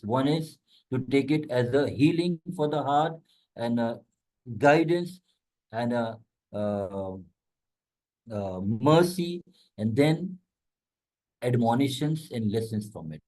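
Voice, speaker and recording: A man giving a conversational religious lecture, explaining Arabic words and quickly reciting verses between plain explanations. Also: mid-range voice, expressive, darkish tone, rough recording. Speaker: Islamic lecturer.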